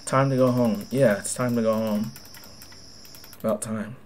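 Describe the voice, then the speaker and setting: A man's voice: mid-range voice, steady tone, a little slow, noisy background. A young man with a cold, telling a rambling, slangy, swear-filled story in casual gameplay commentary. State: has a cold. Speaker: gaming video host.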